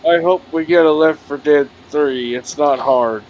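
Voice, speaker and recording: A man's voice: on the high side, unhurried, a little hiss or hum. A man chatting casually with friends about video games, in an easygoing, agreeable way. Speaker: gaming friend. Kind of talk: casual gaming chat. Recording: dull lo-fi mic.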